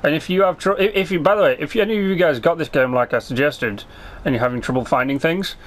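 Male let's-play host, slightly high voice, casual self-deprecating commentary. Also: fast. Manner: chatty, rambling and self-mocking; reads on-screen game text aloud.

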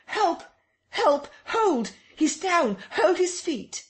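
A man voicing a frantic male doctor who shouts in high, strained bursts as he wrestles a captive in an audiobook. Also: expressive, a little slow, husky, full character voice. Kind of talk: audiobook dialogue.

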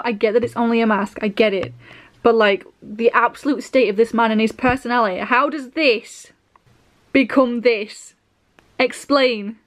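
Excitable woman reacting aloud. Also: on the high side. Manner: excitable, gasping, laughing, swearing. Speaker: vlogger. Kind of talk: reading reaction vlog.

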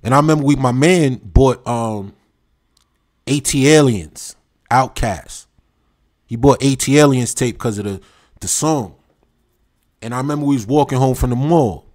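A man's voice: mid-range voice, measured pace, long pauses. Slangy New man on a livestream. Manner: animated, slangy, reminiscing, talks straight to viewers. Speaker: livestream host. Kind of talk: casual livestream chat.

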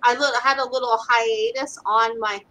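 A woman's voice: a little high, steady tone, moderate pace, sharp tone, low-quality recording. A woman from the US West Coast, an animal communicator, chatting casually and filling her talk with "like" and "right?". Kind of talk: casual chat.

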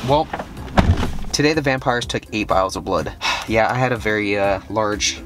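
A man talking casually to his viewers in a vlog, chatty and rambling with quick jokes. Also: lowish voice, background noise. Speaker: vlogger.

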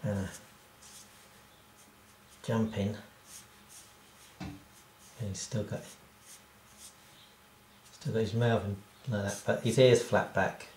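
A man talks through how he draws a cartoon, unhurried and rambling, full of fillers and self-deprecating asides. His voice sits in the middle of the range and has a roomy echo around it. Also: fairly low pitch, steady tone, darkish tone, slight background noise. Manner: rambling, self-deprecating, laughs at own jokes. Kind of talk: casual drawing tutorial.

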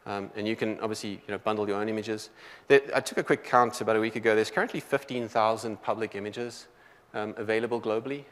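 A man with a South African accent giving a technical conference talk, talking quickly with many fillers and restarts. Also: on the low side, fairly even intonation, fairly bright tone, big-room sound. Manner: quick, loose delivery full of "um" and restarts. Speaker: conference presenter. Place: large conference hall.

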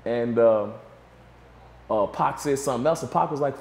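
With a mid-range voice at normal speed and a roomy sound, a male interview guest spins a story in a casual conversation. He animates it by acting out others' quoted words.

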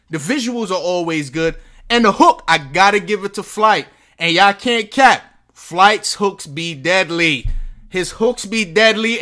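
A man reacting to a hip hop music video, mocking the verses with animated, joking commentary and frequent laughs. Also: high voice.

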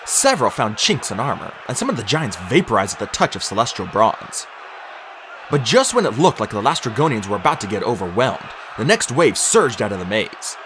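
A man narrating an audiobook in an animated, dramatic reading style. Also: fairly low pitch, fairly quick, noisy background. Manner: animated, acts out shouted lines.

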